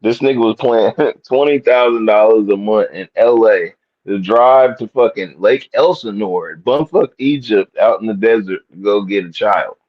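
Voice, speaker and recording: Irritated low-voiced man on a dull line. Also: normal speed. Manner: blunt, irritated, profane. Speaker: call-in panelist. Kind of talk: live panel call-in debate.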